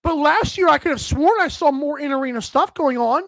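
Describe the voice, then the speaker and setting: High-voiced woman ranting about sports. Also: lively intonation, fairly quick, fairly bright tone, no echo. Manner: rambling, exasperated, many fillers. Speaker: sports podcast host. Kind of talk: casual sports talk rant.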